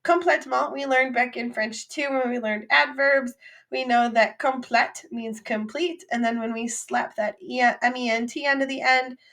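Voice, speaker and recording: Upbeat female French teacher, highish voice. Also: steady tone, normal speed, fairly bright tone. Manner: clear, upbeat teacherly drilling with repeat-after-me prompts. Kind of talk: recorded classroom vocabulary lesson.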